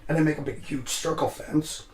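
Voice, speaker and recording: A man's voice: on the high side, steady tone, a little fast, roomy sound, a little hiss or hum. A man telling a rambling military story in casual chat, swearing constantly and acting out the voices of the people in it. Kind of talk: casual profane war storytelling. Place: live show room.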